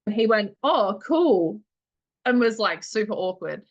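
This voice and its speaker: A woman leading a casual team meeting, talking quickly in a chatty way with lots of filler words. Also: mid-range voice, highs cut off. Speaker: network marketing team leader.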